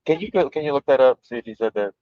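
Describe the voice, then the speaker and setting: A man's voice: medium pitch, animated, racing, dry recording, phone-quality sound. Sarcastic man co-hosting. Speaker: podcast co-host. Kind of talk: casual reaction chat.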